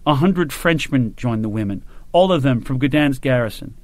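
A man reading an audiobook in measured, grave scripted narration. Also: medium pitch, animated, darkish tone, no room sound.

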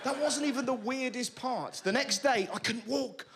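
A very high, gravelly male voice moves at a moderate pace through a stand-up routine at a comedy venue. He animates his stories by acting out other people's voices, while heavy background noise and loud audience laughter fill the live recording.

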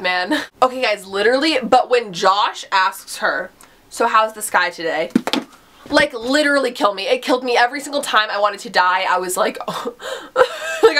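A young woman with a slightly high voice talks casually to her camera at home. Her delivery is chatty and gushing, peppered with fillers. It sounds like a relaxed book-review vlog. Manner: gushing, chatty, lots of "like" and "literally". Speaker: book vlogger.

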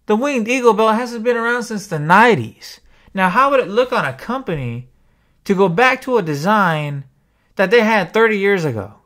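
A man's voice: high-pitched, a bit bright. A man venting to camera in an exasperated opinion rant, swearing freely as a small YouTuber. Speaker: wrestling YouTuber.

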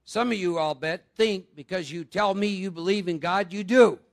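Male workshop speaker, gravelly and talkative, constantly asking his audience questions. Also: high voice, moderate pace. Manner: conversational, quizzes the audience with rhetorical questions. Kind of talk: live workshop talk.

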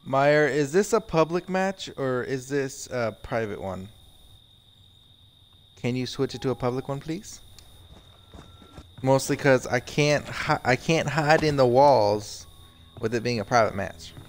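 A young man giving casual, rambling live-stream commentary while playing a game, swearing and excitable. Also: medium pitch, a little slow, pauses often, a little hiss or hum.

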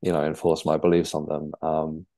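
Low, dark-voiced man telling his story. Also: monotone. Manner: halting, with frequent restarts and fillers. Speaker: guest. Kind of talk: conversational storytelling.

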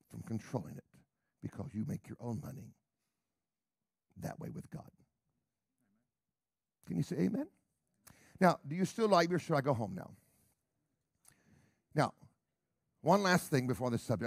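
An emphatic middle-aged man preaches a sermon in a gravelly, husky voice. His pitch swings widely as he repeats questions and moves from hushed asides to loud calls. The sound is dry and close. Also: no room sound.

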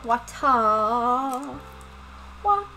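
A young woman chatting through a live gaming stream, talking to her viewers and teammates and breaking into high yelps when things go wrong. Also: big pitch swings, drawn-out words, sharp tone. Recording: faint music in background.

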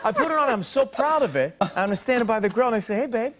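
Lively man telling a story. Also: very high-pitched, quick pace, some chatter behind. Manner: animated storyteller, acts out quotes. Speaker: guest. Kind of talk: talk show anecdote. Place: TV studio with audience.

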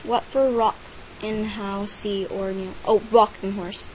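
A woman's voice: mid-range voice, steady tone, slow, a little mellow, slight background noise, low-quality recording. A teenage girl chatting casually as she records her gameplay, reading out other players' names and messages and squealing over gifts. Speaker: gaming vlogger.

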